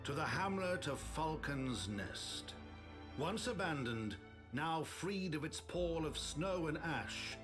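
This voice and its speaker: A man's voice: a little high, animated, slow pace, music in the background. A man giving solemn, grand scripted narration for a game cutscene.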